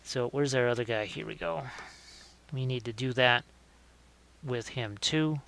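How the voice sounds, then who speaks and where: In a live-streamed demonstration of miniature painting, a man works at an easy, relaxed pace of thought, musing aloud and often correcting himself partway through sentences. His voice is medium-pitched and gravelly, and he speaks unhurriedly.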